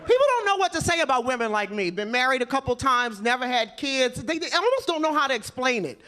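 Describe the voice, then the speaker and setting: A woman doing a stand-up comedy set on a club stage, telling brash, animated stories with attitude. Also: high-pitched, quick pace. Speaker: stand-up comic. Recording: live club with loud crowd laughter.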